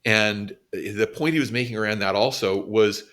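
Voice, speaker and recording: A man's voice: on the low side, normal speed, fairly bright tone. A man co-hosting a podcast, reflecting earnestly in casual conversation and sharing his own experiences. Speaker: podcast co-host.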